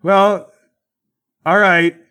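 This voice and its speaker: A man voicing a dim, excitable young male prison guard in a high, whiny, stammering voice. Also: extremely slow, heavily acted.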